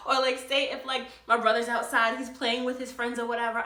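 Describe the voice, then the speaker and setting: A young woman vlogger telling a casual story, animated, laughing often and acting out quotes. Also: sits high, a little fast, hardly any pauses, roomy sound.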